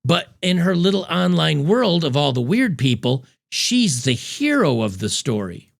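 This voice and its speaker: A man's voice: fairly high pitch, big pitch swings, a little slow, creaky. A man hosting a reaction commentary on a video clip, speaking with emphatic, mocking scorn. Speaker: commentary host.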